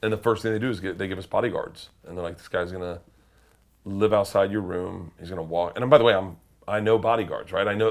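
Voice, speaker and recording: A middle-aged comedian telling wild stories as a guest, swearing freely and acting out the other people's voices, sometimes shouting. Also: male voice, fairly low pitch. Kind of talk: animated storytelling.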